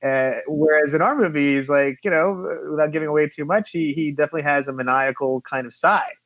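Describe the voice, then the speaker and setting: A film producer chatting in an interview, an animated storyteller who acts out quotes and laughs often. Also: male voice, fairly high pitch, a little fast, no echo. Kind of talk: casual interview chat.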